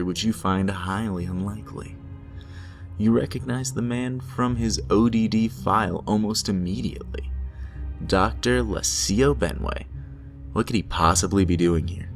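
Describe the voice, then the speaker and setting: A man casually commenting on a game he plays and reading its text aloud, chatty and self-mocking. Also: on the low side. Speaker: game let's play narrator.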